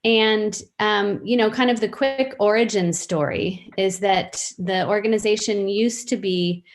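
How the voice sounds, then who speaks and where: A woman in her fifties, a guest on a podcast interview, talking casually and thoughtfully about her work, often pausing with fillers and restarting sentences. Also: medium pitch, fairly even intonation. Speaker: interview guest, storytelling practitioner.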